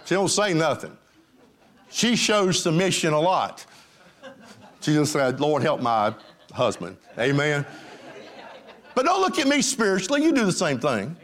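Older pastor, fairly high voice, preaching with folksy asides. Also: male voice, sing-song, measured pace, long pauses. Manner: folksy preaching with emphatic rising lines and asides. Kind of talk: sermon.

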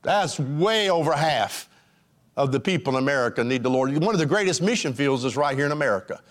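A man's voice: mid-range voice, expressive, brisk. A man preaching a sermon in a congregation, with an emphatic, rising and falling cadence and frequent fillers.

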